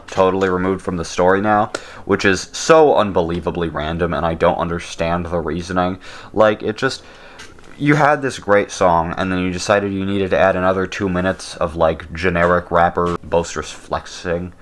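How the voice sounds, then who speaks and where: A young man hosts his own casual song commentary in a deep, low voice. He is blunt and opinionated, and he often pauses on fillers as he works out his thoughts. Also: fairly even intonation, a bit bright. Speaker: YouTube host.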